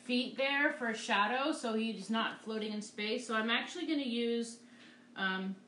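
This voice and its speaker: A woman's voice: on the high side, moderate pace, sharp tone, reverberant, slight background noise. A woman art teacher giving a live painting demonstration, upbeat and encouraging as she talks through each stroke. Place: art studio.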